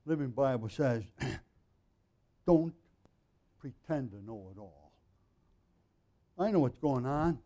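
A male pastor giving an earnest, conversational sermon, often clearing his throat. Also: mid-range voice, expressive, slow pace, long pauses, dark tone. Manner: frequent throat clearing, earnest and plain-spoken.

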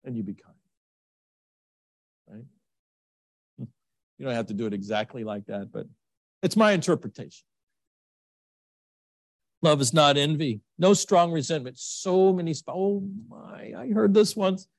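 A man preaching a sermon, telling stories with lively swings into a high excited voice. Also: unhurried, long pauses, no room sound. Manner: animated storytelling, jumps to high excited pitch. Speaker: pastor.

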